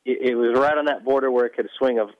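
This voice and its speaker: A man's voice: mid-range voice, steady tone, quick pace. A man co-hosts a casual chat, wry and joking, letting his thoughts ramble loosely. His voice sits in an ordinary middle range. The recording is slightly dull and lo-fi, and dry with no room echo. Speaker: podcast co-host.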